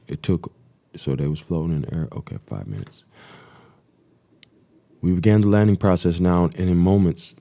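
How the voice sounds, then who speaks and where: A man with a low, mellow voice hosts a live stream and reads a diary aloud. He keeps breaking off for profane, sarcastic commentary.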